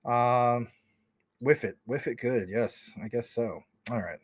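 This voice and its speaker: A crypto livestream host reads and answers viewer comments, rambling informally with lots of fillers. His voice is middling in pitch, slow and slightly rough, and the recording is dry and close.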